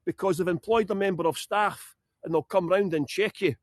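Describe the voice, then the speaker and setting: A Scottish tour guide with a voice that sits high leads a live walking tour outdoors in a graveyard, speaking at normal speed with no echo. He's chatty and joking and laughs often.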